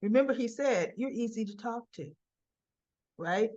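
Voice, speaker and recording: A woman's voice: on the high side, animated, unhurried, warm tone, lo-fi sound. Chatty woman recapping a soap opera. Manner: chatty, acts out quotes with fillers and asides. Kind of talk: casual spoken recap.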